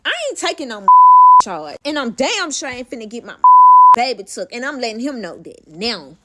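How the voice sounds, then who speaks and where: A young adult woman telling a personal story in casual storytime style, animated and profane, talking straight to the listener. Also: fairly high pitch, moderate pace, heavy background noise.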